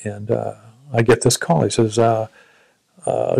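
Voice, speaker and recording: A man in his seventies from the United States, a veteran recalling his service in a reflective, halting way. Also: lowish voice, flat delivery, creaky, a little mellow, slightly rough, rough recording. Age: 70s. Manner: reflective, halting storytelling with frequent restarts. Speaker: Vietnam War veteran interviewee. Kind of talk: recounting personal memories.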